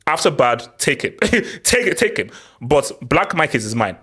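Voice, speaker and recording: Young guy hyped up chatting football, pitch all over the place, keeps repeating himself. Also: moderate pace, slightly rough. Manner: animated, laughing, repeats himself. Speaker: podcast co-host. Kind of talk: casual chat.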